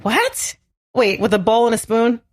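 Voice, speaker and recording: A middle-aged woman hosting a podcast, effusive and emphatic, her voice climbing high when she gets excited. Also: normal speed. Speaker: podcast host. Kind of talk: casual podcast interview.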